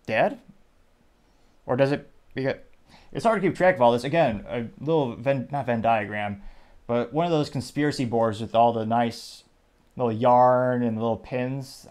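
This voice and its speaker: Guy host reading memes and comments out loud, wry and rambly, middle pitch. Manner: chatty, wry, rambling asides. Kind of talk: casual commentary reading social media posts.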